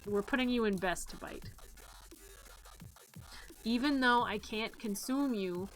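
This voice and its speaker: A woman streamer chatting casually on a live stream, playful and giggly, gushing in drawn-out sighs. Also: fairly high pitch, soft background music, poor audio.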